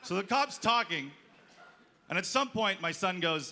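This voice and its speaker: A man's voice: high voice, animated, unhurried, sharp tone. A man doing a stand-up comedy set on a festival stage, telling a story and acting out the lines of the people in it. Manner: storytelling, acts out quoted lines. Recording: live club with crowd and noise. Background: audience laughing.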